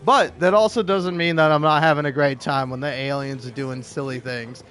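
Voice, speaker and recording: Young male gaming host, high voice, rambling comedic commentary, faint music behind. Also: fairly even intonation, normal speed, a bit bright. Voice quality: rambling, full of "like" and restarts.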